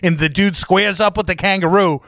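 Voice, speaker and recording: Profane, animated man telling stories. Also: sits high, fairly quick, creaky, dry recording, clean studio sound. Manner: profane, animated storyteller, laughs often. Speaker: podcast co-host. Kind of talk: casual crude banter.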